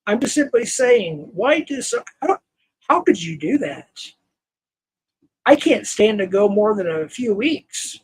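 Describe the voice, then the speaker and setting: A man's voice: sits high, very animated, slightly rough, poor audio. Heated older man scolding his stream chat. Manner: heated, scolding, halting restarts. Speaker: livestream host. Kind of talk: angry livestream rant to chat.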